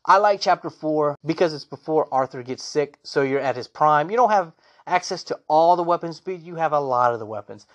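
A man's voice: fairly high pitch, a little fast. A man hosting a gaming show, telling stories about his playthroughs with enthusiasm. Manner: animated, enthusiastic storytelling. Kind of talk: casual solo gaming talk.

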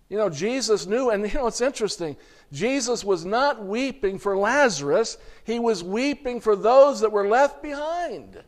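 A man preaching a sermon, reading scripture aloud and speaking to the congregation as "folks," with the odd throat-clear and restart. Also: sits high.

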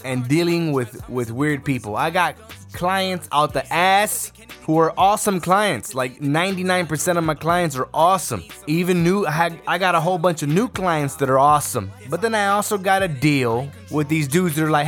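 A man's voice: a little high, moderate pace, fairly bright tone, faint music behind. A man hosting his own podcast, talking solo in a blunt, profane, ranting way. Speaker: podcast host. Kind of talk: casual solo podcast rant.

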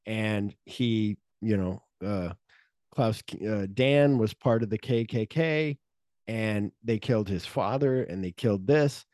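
Low dark-voiced man retelling a film. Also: dry recording, clean studio sound. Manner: animated retelling, acts out lines in quick voices, swears freely. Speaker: podcast co-host. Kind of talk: casual chat recapping a film.

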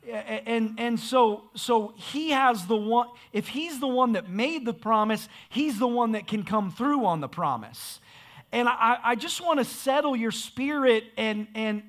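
Male pastor, very high voice, emphatic, repetitive preaching from a church stage mic. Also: a bit bright. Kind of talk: sermon. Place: church sanctuary.

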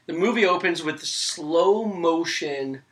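A podcast co-host in a casual movie discussion, dry and wry with quick bursts when making a point. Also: mid-range voice. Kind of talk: casual chat about movies.

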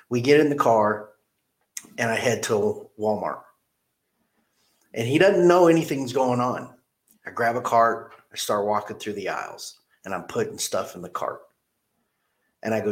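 Middle-aged man, low voice, earnest plain-spoken storyteller, casual interview. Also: moderate pace, fairly bright tone. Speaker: car dealership manager.

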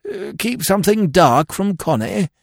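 Man voicing an absent-minded elderly lord, vague, rambling, gravelly, audiobook reading. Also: high-pitched, animated, a little slow, no echo, clean studio sound, voice pushed up, exaggerated voice. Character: dreamy absent-minded elderly male earl.

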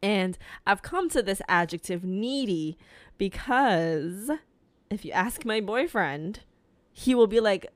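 Slow-talking young woman, candid and profane. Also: medium pitch, expressive, no echo. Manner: candid, profane, laughs often. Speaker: podcast host. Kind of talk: casual confessional monologue.

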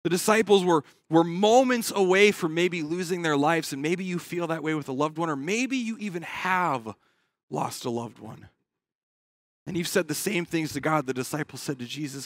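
A man preaching a sermon as pastor, dramatically acting out anxious pleas to God before dropping back to a quiet, searching tone. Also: on the high side, moderate pace, no room sound, clean studio sound. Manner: dramatic, acts out quoted pleas with rising intensity.

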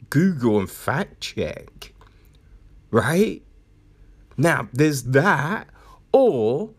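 Foul-mouthed vlogger ranting, voice swings up and down a lot, slow drawn-out delivery, blunt and incredulous. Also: medium pitch, breathy edge. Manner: profane and blunt, heavy slang and filler; incredulous, mocks with acted-out quotes. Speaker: commentator. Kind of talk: ranting commentary.

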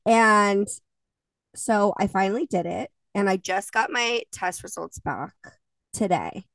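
A young woman co-hosting a podcast talks in loose, chatty bursts, laughing often and swearing now and then. Her voice has a gravelly edge. She sits a little back from the mic in a dry, unechoing space. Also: medium pitch, slow pace, a bit bright, no room sound, far from the mic. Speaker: podcast co-host. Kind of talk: casual chat.

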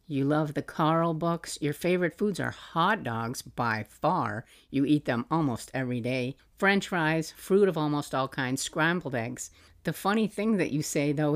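A middle-aged woman, a podcast host, fondly reading aloud from a journal she kept for her young son, with soft laughs. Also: low voice.

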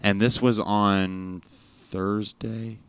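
This man, a dad and podcast host, rambles through casual family anecdotes with plenty of fillers and false starts, speaking close into a studio mic while wearing headphones. His lowish voice barely moves in pitch, drawing out words with a slightly bright, clear, resonant tone and no room sound.

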